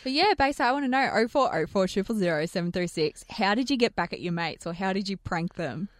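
A woman, co-hosting a radio show, playful and teasing and quick to cut in. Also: mid-range voice, animated, dry recording, studio quality. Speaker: radio co-host. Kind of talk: casual radio banter. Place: radio studio.

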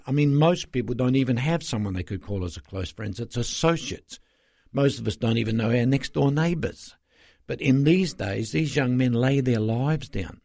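A man's voice: mid-range voice, vocal fry, darkish tone, dry recording, studio quality. An older man, a pastor telling stories earnestly as an interview guest, rambling with fillers.

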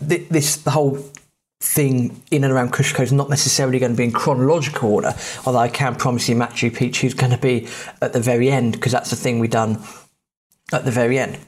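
Chatty English man telling travel stories. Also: mid-range voice. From England. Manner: rambling, self-correcting, chatty. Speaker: podcast host. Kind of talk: casual travel storytelling.

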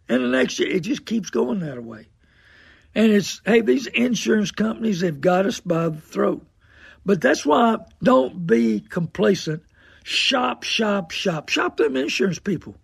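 A man's voice: high-pitched, gravelly, breathy edge, no room sound, clean studio sound. An older man, talking as a radio host in a folksy, preachy monologue that repeats phrases for emphasis. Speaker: radio host and car dealer.

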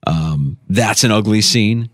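A man co-hosting a sports talk show, chatting in an animated, jokey way. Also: lowish voice, slow, no echo, studio quality. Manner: animated, jokey, does goofy voices. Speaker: sports radio co-host.

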